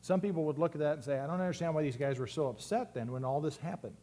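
A man's voice: fairly high pitch, fast, dark tone, a little hiss or hum. A man preaching a sermon as pastor, earnest and reflective, often restarting his phrases.

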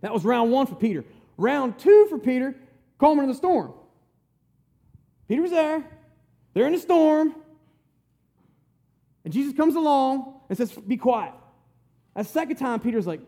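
High-voiced man preaching in folksy talk. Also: expressive, moderate pace, creaky, long pauses, mellow. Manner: folksy, emphatic, retells scripture in plain talk. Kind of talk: conversational sermon.

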